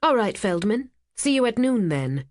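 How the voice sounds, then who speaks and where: A woman's voice: fairly high pitch, very animated, moderate pace, pitched above the performer's own voice. A woman voicing a skeptical female journalist who speaks in a dry, sarcastic way. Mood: wry.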